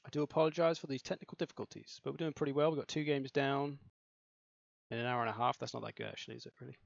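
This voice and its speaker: A man's voice: mid-range voice, steady tone, very fast, vocal fry, no room sound. A man from the south of England, chatting and joking casually while hosting a game tournament on a livestream. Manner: joking, chatty, self-mocking. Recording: slightly dull lo-fi mic, faint music.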